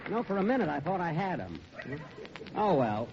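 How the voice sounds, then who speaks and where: A male host delivers dry, deadpan comebacks in a slightly high voice that moves around a lot. The audio is a dull 1941 radio broadcast with clear hiss. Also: fairly quick. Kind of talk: scripted radio comedy hosting.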